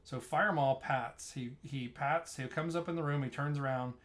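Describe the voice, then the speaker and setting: A young streamer explains raid tanking in a casual gameplay walkthrough, breaking down a fight over replay footage. His everyday middle-pitched voice is fairly bright and moves at a moderate pace, and his loose, conversational delivery often circles back to restart a thought.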